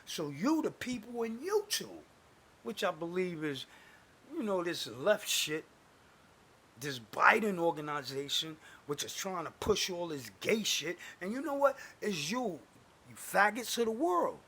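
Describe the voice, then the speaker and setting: Husky guy preaching angry at the camera, high voice that jumps all over, swears a lot. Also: big pitch swings, unhurried, bright, forceful tone. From United States. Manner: preachy, heated, cursing, swinging between booming and muttered lines. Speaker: self-styled prophet posting online videos. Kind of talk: angry religious rant to camera.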